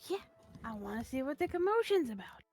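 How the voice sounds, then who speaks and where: A woman's voice: sits high, very animated, fairly quick, a little mellow, breathy edge, no echo, faint music behind. Matter-of-fact woman playing a game. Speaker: player. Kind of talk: casual tabletop play.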